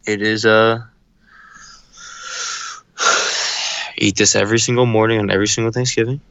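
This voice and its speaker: A man's voice: fairly low pitch, level tone, normal speed, fairly bright tone, no room sound, highs cut off. A man co-hosting a podcast in casual banter, blunt and dryly sarcastic.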